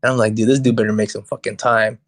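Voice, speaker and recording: A young man co-hosting a podcast, telling a story in a casual, animated, profane way and acting out what people said. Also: on the low side, quick pace, no echo. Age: young adult. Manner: animated, profane, acts out quotes. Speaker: podcast co-host. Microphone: podcast mic on voice chat.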